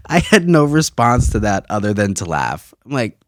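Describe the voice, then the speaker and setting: A man's voice: lowish voice, very animated, slow, long pauses, no room sound, studio quality. A man in his thirties hosting a casual solo podcast from his basement, rambling and swearing with frequent laughs. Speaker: podcast host. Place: home basement.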